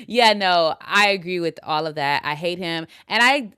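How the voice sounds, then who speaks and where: A woman chatting casually as co-host, her voice smooth and fairly low, recorded close and dry. She is animated and opinionated, laughs often, and stumbles into restarts when she is unsure. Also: moderate pace, hardly any pauses, no room sound. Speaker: podcast co-host. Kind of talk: casual chat recap.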